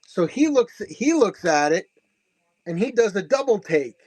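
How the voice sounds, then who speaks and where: Slow-talking chatty man, dry close sound. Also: high-pitched, big pitch swings, darkish tone, breathy edge, no echo. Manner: chatty, repeats words and restarts, laughs often. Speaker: comic collector showing signed comics and prints. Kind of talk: casual show-and-tell recap.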